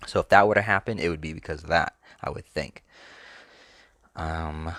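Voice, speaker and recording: A man's voice: a bass voice, moderate pace, pauses often, fairly bright tone, no echo, studio quality. A man hosting a sports picks channel, talking casually and thinking aloud, hesitant and trailing off often. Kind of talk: casual solo commentary.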